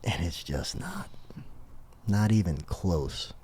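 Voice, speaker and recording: Middle-aged man, podcast guest, casual storytelling, animated, fairly low voice, lively pitch. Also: takes it slowly, breathy edge. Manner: animated, laughs through his story.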